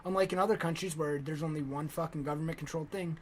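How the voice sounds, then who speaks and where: A man's voice: fairly high pitch, steady tone, fast. A man co-hosting a podcast, ranting in casual, profane, emphatic chat. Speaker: podcast co-host.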